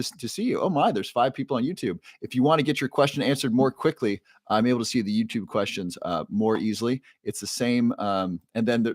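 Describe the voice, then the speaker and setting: A man with a mid-range voice hosts a casual livestream, recorded in studio quality with no echo. The host, a neuroscientist, upbeatly greets viewers by name, reads out the chat, and lets out playful roars.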